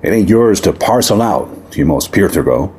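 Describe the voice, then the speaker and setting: A man with a low, husky voice playing a steady male warlock lawman who talks in plain frontier speech. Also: moderate pace. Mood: stern.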